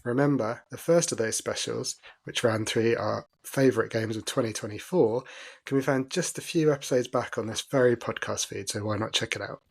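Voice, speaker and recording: A British man in his forties hosting a podcast, friendly and upbeat, moving from a smooth scripted intro into casual chat. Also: mid-range voice, a little fast. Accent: British English. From Britain. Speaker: podcast host.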